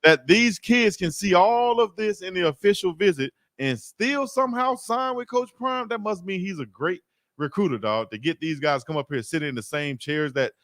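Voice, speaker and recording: A man's voice: sits high, expressive, moderate pace, fairly bright tone, no room sound, clean studio sound. A man hosting a heated sports debate, pressing his point in slangy talk and calling his co-host "dog". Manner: insistent, slangy, repeats "dog".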